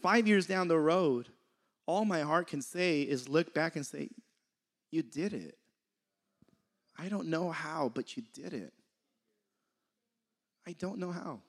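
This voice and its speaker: A man's voice: fairly high pitch, lively intonation, takes it slowly, long pauses. A young man giving a casual sermon, conversational and laughing often, sometimes losing his train of thought. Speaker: preacher.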